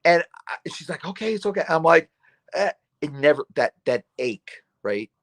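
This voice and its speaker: Guy, middle-aged, loud and animated, bit of a higher voice, telling a story and doing everybody's lines. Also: unhurried. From New Jersey. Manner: loud, animated storyteller who acts out dialogue. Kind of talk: casual storytelling.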